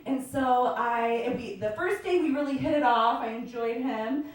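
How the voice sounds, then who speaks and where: High, lively woman doing stand-up in an echoey club. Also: moderate pace, far from the mic. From American Midwest. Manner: chatty, self-deprecating, breaks into laughter. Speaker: stand-up comedian. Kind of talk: stand-up comedy set. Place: comedy club stage with audience.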